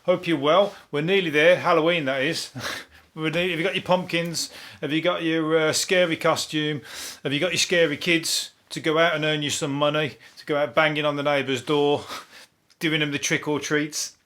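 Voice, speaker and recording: A man's voice: fairly high pitch, fairly even intonation, moderate pace, fairly bright tone. A man hosting a comic news monologue, rambling and swearing, laughing at his own jokes. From Birmingham, England. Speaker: comedian podcast host.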